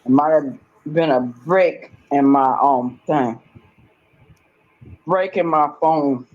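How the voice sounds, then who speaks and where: A woman's voice: deep voice, takes it slowly, narrow, tinny audio. A woman talking in an agitated, rambling monologue, emphatic and swearing often, repeating herself.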